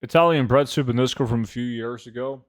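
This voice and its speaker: A man's voice: mid-range voice, a little fast, no echo. Joking, swearing gamer man with a dry voice. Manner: joking, swears freely, hums to himself. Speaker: gold-farming game streamer. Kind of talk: casual live-stream chat with viewers. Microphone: desk microphone.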